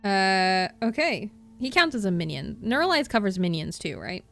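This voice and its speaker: Bright-voiced woman running a tabletop game. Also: mid-range voice, very animated, moderate pace, creaky, soft background music. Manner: rambling description full of "uh" and "like". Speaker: game master.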